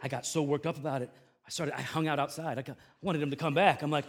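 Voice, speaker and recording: Fast and on the high side, this male pastor's sermon is conversational and lively. He swings between booming emphasis and hushed asides, sprinkling in self-deprecating humor.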